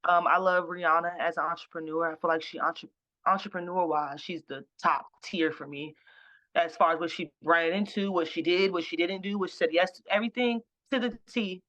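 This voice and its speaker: A woman musician chatting casually in an interview, animated and jokey, often restarting her sentences. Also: lowish voice, fairly quick, highs cut off. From Boston. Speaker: musician guest.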